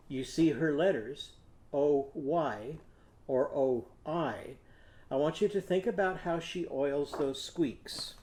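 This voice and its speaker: Older man, teacher, children's phonics lesson, patient, mellow tone, unhurried. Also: on the high side, a little hiss or hum. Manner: gentle, patient, prompting children to repeat.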